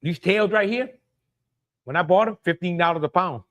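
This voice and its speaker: High-voiced Louisiana man cooking live. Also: moderate pace. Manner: chatty, exclamatory, greets viewers and laughs often. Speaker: cooking show host. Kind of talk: casual live cooking stream.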